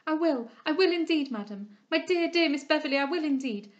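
A woman's voice: sits high, animated, brisk, pitched above the performer's own voice. Woman doing a gushing young maid. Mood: overjoyed. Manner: effusive, breathless with joy. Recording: dull lo-fi recording.

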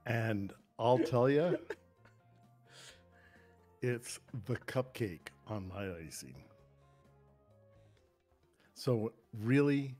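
A man's voice: medium pitch, drawn-out words, pauses often, a little mellow, faint music behind. A man giving an improvised comic talk with a mock-grand, storytelling manner. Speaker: improv game player.

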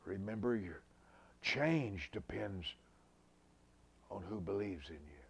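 A man preaching a sermon, swinging from loud outbursts to hushed whispers. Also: sits low, animated, slow pace, gravelly, long pauses, breathy edge.

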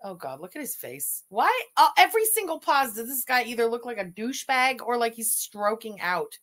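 A woman's voice: on the high side, sing-song, normal speed, a bit bright. A woman giving sarcastic, swearing reaction commentary on a livestream. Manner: sarcastic, scathing, swears freely.

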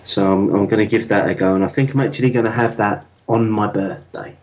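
A man with a lowish voice talks in a relaxed, chatty way as co-host of a podcast. He often trips over his words and repeats them before carrying on. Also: brisk, poor audio. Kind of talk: casual chat.

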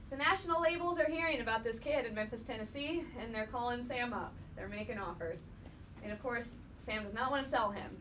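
Female tour guide, chatty storyteller; mid-pitched, off-mic in a noisy indoor room. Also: a bit bright, distant mic. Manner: chatty storytelling, addresses the group.

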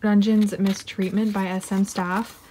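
A woman talks casually over an unboxing at her home desk, giggling and gushing, sometimes slipping into a whisper. Her voice sits at an ordinary middle pitch. A faint hiss runs under the camera mic. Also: flat delivery, a little slow, dark tone. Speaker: unboxing vlogger.

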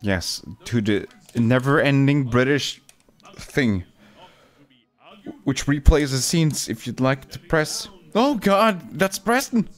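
A man playing a game for a video, joking sarcastically and jumping into sudden loud, high yelps. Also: lively intonation, takes it slowly. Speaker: gaming YouTuber. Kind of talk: let's play commentary.

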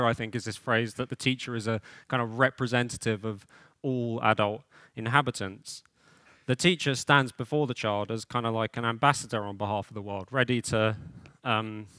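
A man's voice: medium pitch, bright, forceful tone, dry recording, clean studio sound. A man giving a spoken talk on education, thoughtful and full of fillers and restarts. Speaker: policy speaker.

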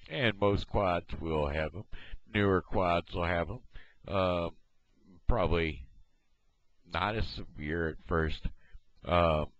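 A man from Missouri talking casually to camera on his video blog, halting often with fillers and restarts, recorded on a headset microphone at home. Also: low-pitched. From Missouri, USA. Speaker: video blogger. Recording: dull lo-fi headset mic.

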